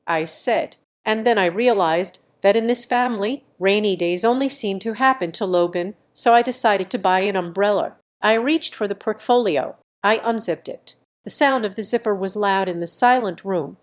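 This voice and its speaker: A calm young woman in her twenties narrates her own story at a measured pace, composed and steady. Her voice sits at an ordinary middle pitch for a woman. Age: 20s. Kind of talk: first-person story narration.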